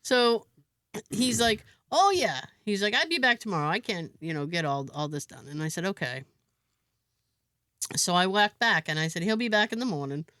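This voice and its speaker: A podcast co-host tells a story in casual chat, acting out other people's lines along the way. Her voice sits on the low side, animated and a little fast, with a bright, forceful tone. The recording is dry and has a clean studio sound.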